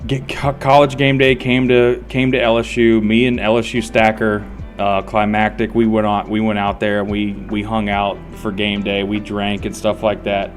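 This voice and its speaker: A man's voice: lowish voice, level tone, normal speed, soft background music. Laid-back, profane male streamer. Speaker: game streamer. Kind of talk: casual chat while gaming.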